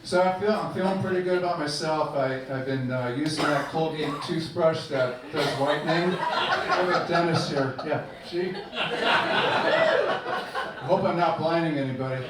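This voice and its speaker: An older man performs a dry, self-deprecating stand-up set on a comedy club stage. His voice sits a little high for a man. It comes from off-mic in a strongly echoing room, with heavy noise underneath. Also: very animated, a little slow. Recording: echoey club with far mic and loud noise.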